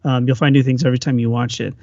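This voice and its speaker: A man co-hosting a podcast, musing on films with thoughtful pauses. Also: medium pitch, level tone, darkish tone, no room sound. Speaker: podcast co-host. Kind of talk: casual film discussion. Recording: dull, dry lo-fi audio.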